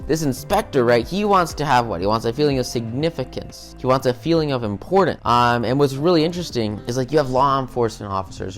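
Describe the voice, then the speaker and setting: A man giving a casual recorded business lecture, talking loosely with lots of "you know" and repeated words. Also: medium pitch. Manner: conversational, many fillers and repetitions. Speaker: business skills instructor.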